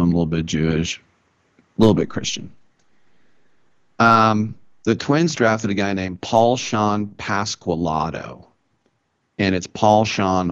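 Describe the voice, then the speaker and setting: A man hosting a sports radio show, riffing wryly and clearing his throat often. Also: lowish voice, no echo, dull audio. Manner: joking, wry riffing with frequent throat clearing. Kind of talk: casual sports talk monologue.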